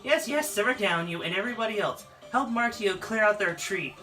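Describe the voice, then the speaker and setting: A gameplay narrator voicing a stern old female village elder who scolds loudly, with game music behind. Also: medium pitch, animated, a little fast, recorded from a distance, voice pushed up, low-quality recording. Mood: scolding. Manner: shouting, scolding.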